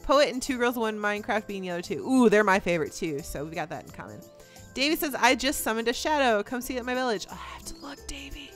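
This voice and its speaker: A woman's voice: a little high, sing-song, quick pace. A young woman chatting casually as a gaming YouTuber, reading out fan messages in a bubbly, giggly way. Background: faint game music.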